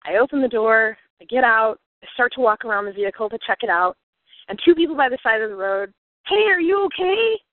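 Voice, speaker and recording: A woman's voice: a little high, fast, no room sound. A woman telling a personal story and turning it into a motivational lesson, earnest and reflective, at times getting emotional. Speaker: speaker on a coaching call. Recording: tinny phone-like line, dry.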